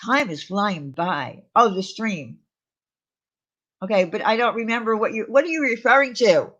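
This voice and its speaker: A woman's voice: medium pitch, expressive, normal speed, fairly bright tone. A woman chatting casually on a live stream, answering viewers' comments aloud. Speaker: streamer reading chat. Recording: dull lo-fi stream audio.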